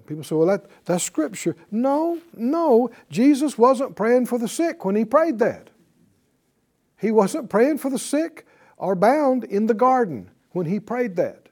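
His voice is high, sing-song, and a little mellow, moving at a measured pace. A middle-aged Bible teacher, he emphatically preaches to a class, repeating phrases and posing rhetorical questions.

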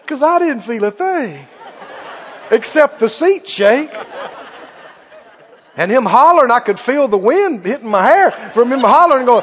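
A man preaching a sermon, telling a story in a folksy, animated way. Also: very high voice, normal speed, slightly rough. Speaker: pastor. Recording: dull recording in a reverberant hall.

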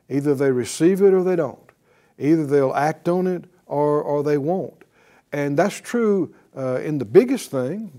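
A man's voice: fairly high pitch, warm tone. A middle-aged man preaching a sermon, teaching with emphatic points and rhetorical questions. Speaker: pastor.

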